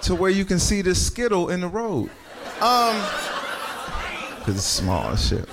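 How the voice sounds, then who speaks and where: A man's voice: sits high, huge pitch swings, measured pace, gravelly, noisy background. A man doing a casual stand-up set, talking straight to the audience in a loose, profane way. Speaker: stand-up comedian.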